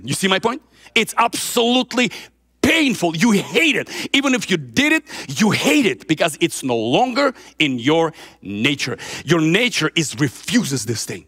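A man's voice: on the high side, very animated, a little slow, a bit bright. A man preaching an informal sermon, emphatic and given to repeating words for stress.

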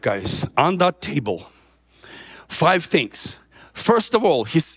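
Man, informal sermon, higher-pitched, very lively intonation, emphatic. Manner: emphatic, repeats himself for stress. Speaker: preacher.

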